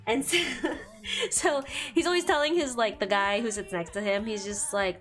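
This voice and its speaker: A woman's voice: a little high, animated, unhurried, a bit bright. Giggly woman rambling through a story. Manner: giggly, rambling plot retelling. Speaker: streamer. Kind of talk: casual chat while drawing.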